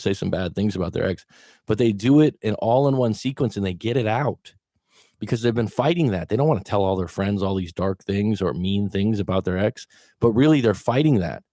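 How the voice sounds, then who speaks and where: A middle-aged man working as a relationship coach gives casual, plainspoken advice in a fairly low, dark voice. He acts out quoted thoughts and swears now and then, recorded clean in a studio with no echo.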